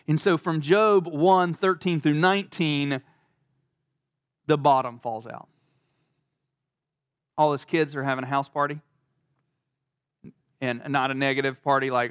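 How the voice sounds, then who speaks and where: A man's voice: on the high side, fairly bright tone, dry recording, clean studio sound. A man teaching a Bible lesson in a casual, conversational way, laughing now and then and using lots of "like.". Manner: conversational, laughing, many "like" fillers.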